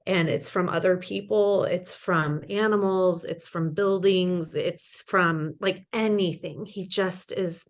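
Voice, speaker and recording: A woman in her thirties, a podcast guest, chatting casually and rambling with many fillers. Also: medium pitch. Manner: rambling, lots of "like" and "you know". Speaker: podcast guest, ghost hunter. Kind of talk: casual chat.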